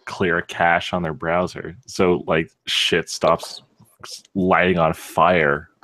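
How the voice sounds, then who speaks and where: A man on a casual stream chat, tossing in deadpan dark jokes and talking about his job. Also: sits low, slow pace, slight background noise. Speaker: stream co-host.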